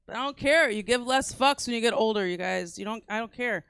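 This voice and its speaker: Woman, forties, stand-up comic, brash, crude, crowd-teasing, high voice, dry close sound. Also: a bit bright, smooth, dry recording. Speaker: stand-up comedian. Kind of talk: stand-up set with crowd work. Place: comedy club stage.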